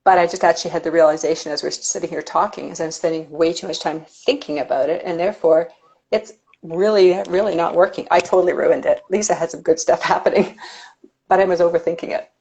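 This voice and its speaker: A woman's voice: on the low side, steady tone, fast, gravelly, darkish tone, low-quality recording. A woman hosting a casual conversation with an artist, reflective and thinking aloud. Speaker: host. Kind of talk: casual conversation about art.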